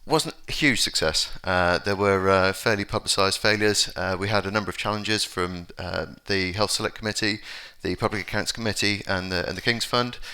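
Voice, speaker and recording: A man's voice: low-pitched, moderate pace, hardly any pauses, bright, forceful tone, clean tone. A middle-aged Englishman with an English accent, giving a conference talk, hesitant with many fillers and restarts. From England. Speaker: conference speaker. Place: conference hall.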